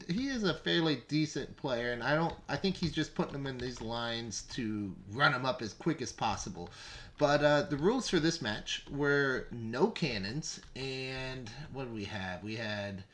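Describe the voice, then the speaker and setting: A man's voice: mid-range voice, a bit bright. A young man giving casual, rambling commentary on a strategy game match, with frequent fillers and self-corrections. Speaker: gameplay commentator.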